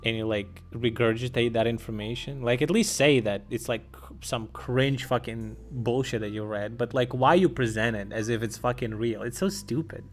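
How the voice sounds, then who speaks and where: A man's voice: mid-range voice, normal speed, few pauses, slight background noise. A young man ranting sarcastically and with lots of swearing while commenting on a live stream.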